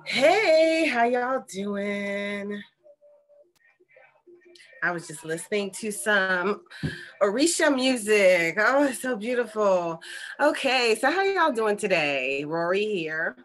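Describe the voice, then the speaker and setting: A woman hosting a casual spiritual vlog, chatting in a relaxed, folksy way and reading from an oracle card. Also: mid-range voice, a little slow. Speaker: host and intuitive healer.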